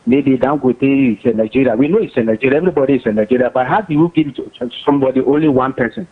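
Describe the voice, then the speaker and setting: A man's voice: medium pitch, racing, breathy edge. Insistent male caller over phone. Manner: insistent, repeats himself, broken English. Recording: tinny phone line.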